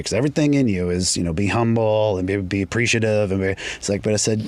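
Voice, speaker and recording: A man, a realtor and guest, talking casually on a podcast and telling reflective stories that trail off into softer asides. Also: on the low side, rapid-fire, few pauses, no echo. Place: studio.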